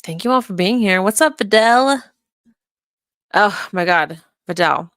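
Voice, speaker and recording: A young adult woman chats casually on a livestream from her computer while reviewing a stream, rambling, swearing and muttering to herself as she searches. Her mid-range voice is a bit bright, with lively intonation and a measured pace. The desk-mic recording is dry and has clean studio sound.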